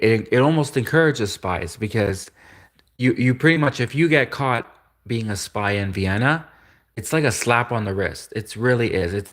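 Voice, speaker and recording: Man, livestream host, lower voice; loose rambling monologue with frequent chuckles and restarts. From Canada. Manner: chuckles often, stumbles and restarts.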